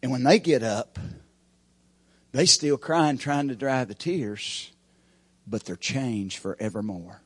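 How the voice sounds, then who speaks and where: A man preaching a sermon, asking the congregation questions and swinging between loud emphasis and quiet asides. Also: medium pitch, slow pace, slightly rough. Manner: call-and-response preaching, rising and falling emphasis.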